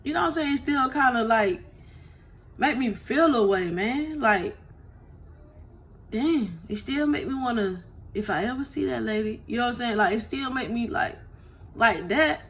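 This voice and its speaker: Blunt, emotional woman vlogger, fairly high. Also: expressive, normal speed, a bit bright. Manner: emotional, blunt, swears freely; repeats "you know what I'm saying". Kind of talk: casual storytelling to viewers. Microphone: phone.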